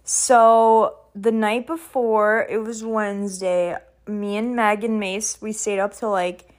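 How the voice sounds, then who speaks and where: A woman's voice: mid-range voice, steady tone, takes it slowly. This is a young woman filming a casual catch-up vlog at home. She rambles, stacks up fillers and restarts, and often breaks into small laughs as she moves about packing. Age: young adult. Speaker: vlogger. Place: indoors at home, packing and moving around.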